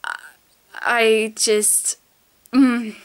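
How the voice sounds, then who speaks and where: Chatty, gushing woman vlogger, slightly high voice. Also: level tone, very slow, smooth. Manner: chatty, rambling and gushing, with casual swearing. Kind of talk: casual chat to camera.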